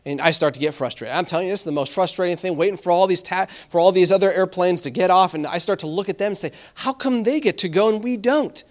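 A man with a high-pitched voice delivers a sermon. His preaching is animated and conversational, with frequent repeated words. He slows down deliberately when reading scripture aloud. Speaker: pastor.

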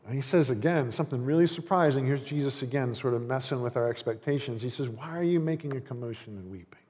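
A man's voice: mid-range voice, fast talker, darkish tone, husky. A man preaching a sermon as pastor in a church, earnest and conversational, with frequent fillers and restarts. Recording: long reverb of a church hall.

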